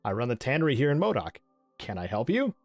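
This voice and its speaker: A man's voice: mid-range voice, huge pitch swings, quick pace, soft background music. A man reading a guarded, curt tanner. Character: tall muscular tanner man, guarded and worried.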